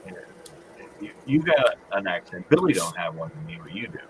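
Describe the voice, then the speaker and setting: A man's voice: low voice, sing-song, moderate pace, background noise. A man co-hosting a casual live stream, teasing the others and laughing at his own stories. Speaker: co-host.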